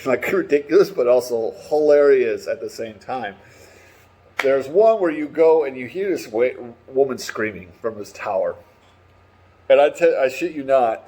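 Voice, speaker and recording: A man talking casually and excitably about a game, swearing freely and rambling between stories. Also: mid-range voice. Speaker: gaming vlogger. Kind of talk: casual opinion chat.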